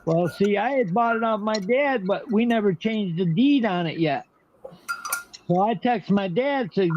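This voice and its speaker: A man's voice: high-pitched, expressive, normal speed, muffled recording, a little hiss or hum. An older man telling stories in a casual chat, brash and profane.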